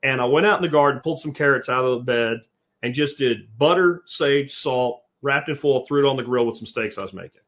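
A man in casual conversation, telling stories with lively energy and the odd curse word. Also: mid-range voice, fairly quick. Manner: animated storyteller, swears casually. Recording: slightly muffled lo-fi audio.

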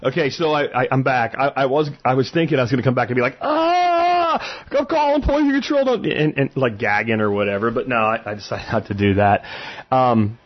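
A man's voice: mid-range voice, steady tone, fast, dull audio. A man hosting a solo podcast, talking casually and bluntly, rambling and swearing as he tells a story and acts out quotes. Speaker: podcast host.

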